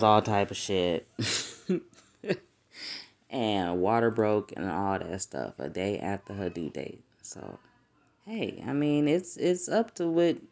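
A woman's voice: a bass voice, gravelly, a little mellow. A young woman hosting a solo podcast, chatting casually with lots of swearing and laughter. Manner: profane, laughing, rambling. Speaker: podcast host.

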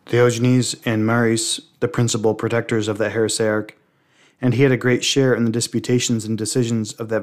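A man with a low voice reads a saint's life aloud at a measured pace. His delivery stays flat and even, with little rise or fall, and he now and then trips on a word and restarts it. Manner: steady, measured reading with small slips and restarts. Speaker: reader.

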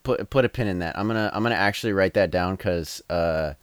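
A man co-hosting a podcast in casual chat, wry and dry, often trailing off quietly. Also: low voice, fast, clear, resonant tone, no room sound. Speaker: podcast co-host.

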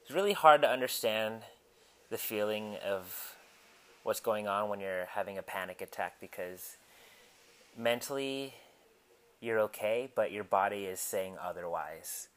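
A young man in his twenties telling a personal story in a candid, halting way, with many ums and restarts, recorded at home. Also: on the low side, a bit bright. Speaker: podcast host. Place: his apartment, cleaning up. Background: household noise.

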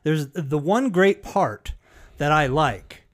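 A man's voice: fairly high pitch, animated, slow, fairly bright tone. A man telling a story in casual chat, swearing freely and acting out the quotes. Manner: profane storyteller, acts out quotes.

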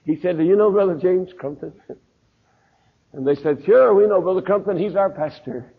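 An older pastor from Mississippi, USA, with a Southern US accent, preaches a sermon, telling stories and acting out the people and their dialogue. His voice is high-pitched and husky at a moderate pace, heard through a tinny, phone-like recording.

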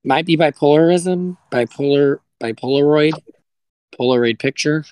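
A man's voice: on the high side, normal speed, a little mellow, clear, resonant tone, no room sound, low-quality recording. A man co-hosting a podcast, blunt and crude in casual chat, self-deprecating. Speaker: podcast co-host.

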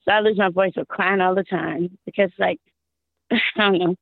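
A woman from Texas calling into a show, her voice hoarse and worn out, rambling and exasperated with frequent laughs. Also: fairly low pitch, steady tone, normal speed, no room sound. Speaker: caller. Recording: tinny phone line.

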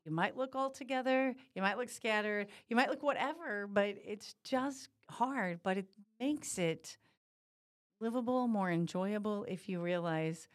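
A woman's voice: mid-range voice, unhurried. A woman co-hosting a podcast in casual chat, telling personal stories in an encouraging, reflective way. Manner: warm storyteller, encouraging, reflective. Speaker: podcast co-host.

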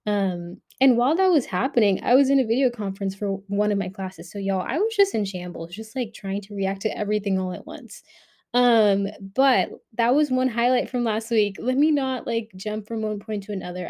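A young woman talks straight into her podcast mic in a loose, rambling monologue. She sounds worked up and candid. Her voice has a mellow, dark warmth at an ordinary middle pitch. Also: a little fast. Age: young adult. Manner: candid, animated, heated. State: agitated and shaken. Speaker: podcast host.

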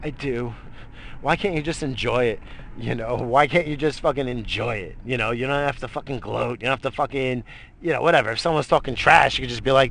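A young man swearing and rambling in a late-night solo vlog rant, swinging between shouting and muttering. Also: mid-range voice, fast. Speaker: vlogger.

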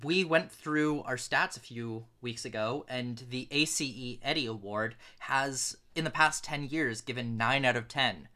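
A man co-hosting a film podcast in relaxed conversation. His voice is bright and forward. He talks emphatically, hammering points home by saying them twice. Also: mid-range voice, unhurried, hardly any pauses. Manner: emphatic, repeats points for stress. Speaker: podcast co-host. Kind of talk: casual chat.

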